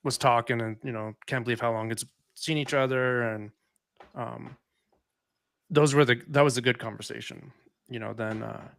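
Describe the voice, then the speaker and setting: A man speaks in an even, middle-pitched voice, stopping and restarting as he gathers his thoughts. His voice is recorded close and dry, with no room sound around it. The talk is candid and unhurried. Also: creaky, no room sound. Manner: halting, reflective, many restarts. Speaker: podcast co-host. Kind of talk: candid conversation.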